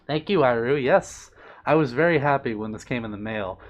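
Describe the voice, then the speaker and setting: A man casually chatting on a live stream, reading out chat messages in a playful, doting, bubbly way with big jumps in pitch. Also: animated, normal speed, dull audio.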